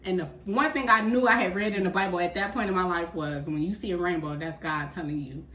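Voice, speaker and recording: Bright animated woman, echoey and distant. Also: lowish voice, fast talker, slight background noise. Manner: animated storyteller, acts out voices of others. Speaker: podcast co-host. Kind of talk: casual storytelling chat. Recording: echoey room, mic at a distance.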